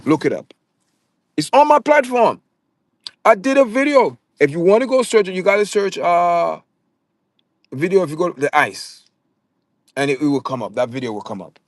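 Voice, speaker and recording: Jamaican male livestream host, slightly high voice, dry close sound, talks to his chat with stumbling repeats. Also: animated, moderate pace, long pauses, no room sound. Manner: talks straight to his chat viewers, stammers and repeats words.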